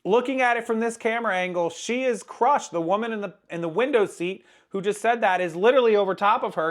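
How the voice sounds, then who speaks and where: Man, high-pitched, opinionated reaction commentary, casual. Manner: opinionated, plain-spoken. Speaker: commentator reacting to viral clips.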